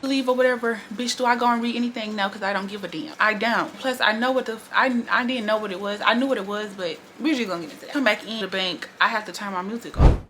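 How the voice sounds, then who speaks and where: Bright, blunt woman telling a story. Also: mid-range voice, fast, hardly any pauses, a little hiss or hum. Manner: blunt, profane, animated storytelling. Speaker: storytime vlogger. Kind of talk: casual storytime monologue.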